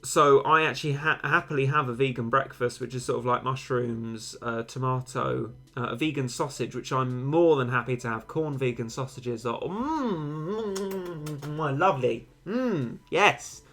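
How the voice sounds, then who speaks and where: Young male streamer, middle-pitched, casual rambling chat with mock-drama, faint music bed. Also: steady tone, moderate pace, vocal fry, hardly any pauses, sharp tone. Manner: chatty and rambling, given to mock-dramatic overstatement. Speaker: game streamer. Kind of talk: casual live-stream chat reading out and answering viewer comments.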